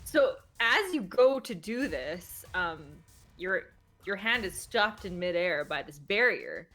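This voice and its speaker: A woman with a somewhat low voice guides the players through the scene as game master. She talks in a halting, unscripted way, restarting phrases and filling gaps with ums. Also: sing-song, fairly bright tone, soft background music. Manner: hesitant, many fillers and restarts. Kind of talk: narrating a tabletop game.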